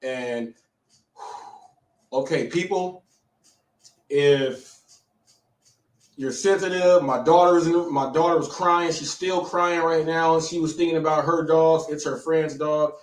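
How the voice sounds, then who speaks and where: A shaken American man talks fast in bursts, stammering and repeating words while he catches his breath. His voice sits a little high and sounds set back from the mic, in an echoey room. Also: steady tone, far from the mic. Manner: breathless, repetitive, stammering restarts. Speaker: live show host. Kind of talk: excited live-stream storytelling.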